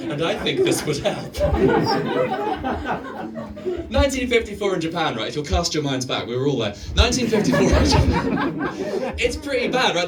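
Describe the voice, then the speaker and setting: Sweary stand-up comic, distant mic. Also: male voice, on the high side, background noise. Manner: sweary, rambling, laughing at own jokes. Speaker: stand-up comedian. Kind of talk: stand-up comedy set. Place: live venue stage.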